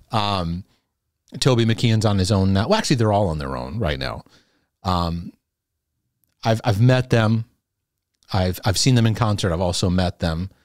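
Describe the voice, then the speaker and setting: A lowish, somewhat mellow voice belongs to a middle-aged host and ex-youth pastor musing casually to the camera before him. Captured as clean studio sound with no room sound, his speech features repetition, restarts, and chuckling.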